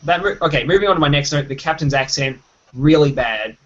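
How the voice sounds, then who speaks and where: A man co-hosting a casual film chat, blunt and opinionated, with quick asides. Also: a little high, lively intonation, fairly bright tone. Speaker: podcast co-host. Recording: dull lo-fi recording.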